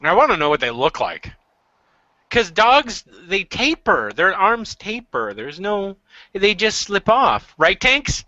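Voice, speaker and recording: A man hosts a loose, joking chat, cracking silly bits and laughing between lines. His voice sits high and bright. The recording is dry and dull, like a cheap mic. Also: wildly swooping pitch, takes it slowly, dry recording. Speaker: podcast host. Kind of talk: casual chat. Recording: dull lo-fi sound.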